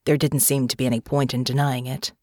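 In a dry, close recording without room sound, a woman narrates an audiobook from a script. Her voice sits low for a woman and stays measured and even, like a storyteller's.

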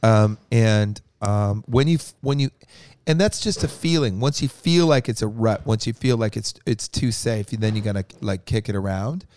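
A man's voice: fairly low pitch, normal speed, few pauses, darkish tone, a little hiss or hum. A man in a touring band chatting casually, joking and swearing, rambling with many restarts. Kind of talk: casual backstage chat.

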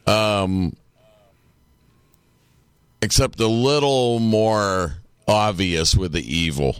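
A man's voice: on the low side, drawn-out words, smooth, no echo, studio quality. A man co-hosting a podcast in casual chat, laid-back and swearing freely. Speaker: podcast co-host.

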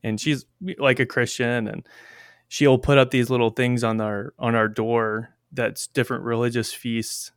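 A man serving as a military chaplain chatting casually on a podcast, excitable and enthusiastic. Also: medium pitch, a little slow, clear, resonant tone, dry recording, studio quality.

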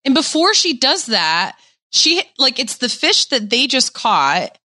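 A woman's voice: high voice, big pitch swings, a little slow, bright, forceful tone. A woman co-hosting a casual chat, telling the story with laughs and playful quoted voices. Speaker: podcast co-host. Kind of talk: casual chat recapping a show.

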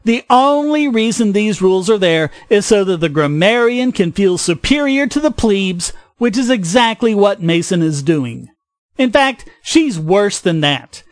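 A man's voice: high voice, no echo, studio quality. A man hosting his podcast, delivering scripted opinion commentary in a sarcastic, ranting manner. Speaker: podcast host.

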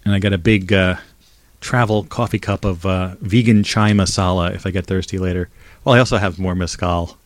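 Low-voiced man rambling in a dry room. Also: steady tone, fairly quick, no echo. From New Jersey. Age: 50s. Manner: chatty, digressive, nostalgic. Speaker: podcast host. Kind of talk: rambling solo monologue. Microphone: condenser mic through a mixer.

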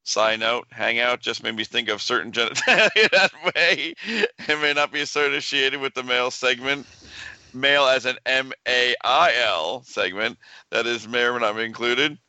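A man co-hosting a casual podcast, talking in a halting, stuttery way and stumbling over words as he reads. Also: medium pitch, bright, forceful tone, no room sound. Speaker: podcast co-host.

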